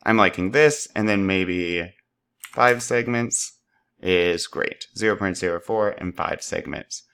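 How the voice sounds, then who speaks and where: A man walking through a software tutorial, upbeat and playful, making little sound effects as he works. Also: sits low, takes it slowly, smooth. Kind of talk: screen-recorded tutorial.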